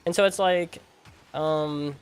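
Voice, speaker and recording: Rambling, animated young-sounding man streamer. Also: fairly high pitch, slow pace, clean tone. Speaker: gaming streamer. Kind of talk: casual chat while streaming a game.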